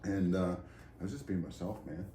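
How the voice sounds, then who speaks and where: A man's voice: low voice, steady tone, brisk, mellow. A man co-hosting a casual chat, talking in a laid-back, rambling, self-mocking way. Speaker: co-host. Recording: roomy garage with faint background noise.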